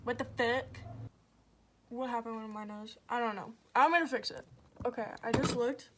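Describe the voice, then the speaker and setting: A woman's voice: on the high side, steady tone, normal speed, noisy background. A young woman ranting to camera in a casual get-ready-with-me vlog, exasperated and sarcastic, full of "like" and "literally". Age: young adult. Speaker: vlogger. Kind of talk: casual chat.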